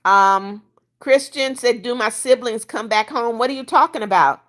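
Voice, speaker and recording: Hosting a casual livestream, an older woman reads the chat out loud and bluntly removes troublemakers. She has a slightly high, fairly bright voice and a moderate pace.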